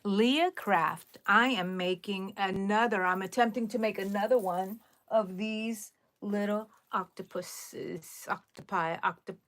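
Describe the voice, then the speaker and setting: A woman's voice: fairly low pitch, creaky. A woman from Texas with a Texan accent, chatting casually and rambling as she reads viewer comments while crocheting on a live stream. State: tired, yawning. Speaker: crochet channel host.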